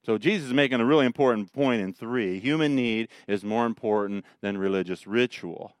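A male pastor, preaching a sermon in an animated, joking way. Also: mid-range voice, a little fast, dry recording, clean studio sound. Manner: animated, joking storyteller who mocks the Pharisees.

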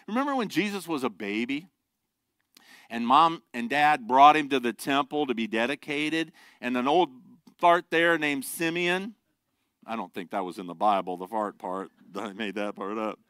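A man's voice: medium pitch, expressive, moderate pace, sharp tone, clear, resonant tone, no echo. A middle-aged man preaching a sermon, a pastor who talks conversationally and jokes with the congregation. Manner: conversational, joking asides to the congregation.

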